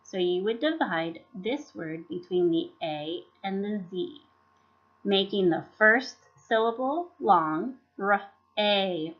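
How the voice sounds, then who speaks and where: A slow, careful woman with a lowish voice teaches syllables. She is a teacher delivering professional development through scripted instructional narration, recorded as a slide-presentation voice-over with dull, lo-fi sound.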